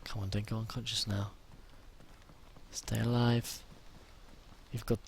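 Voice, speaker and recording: Playing a survival game, a man talks to himself in a fairly low, level, slow voice that is creaky and breathy, with frequent pauses. His live commentary swings from fearful whispers to sudden panicked yelps, and stress makes him repeat himself.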